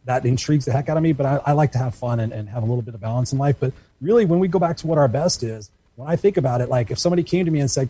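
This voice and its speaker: A man's voice: medium pitch, racing, few pauses, husky. A middle-aged man, a coach, telling stories with energy on a radio talk show and acting out the voices of people he quotes. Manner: animated storytelling, acts out quoted voices. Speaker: coach and guest.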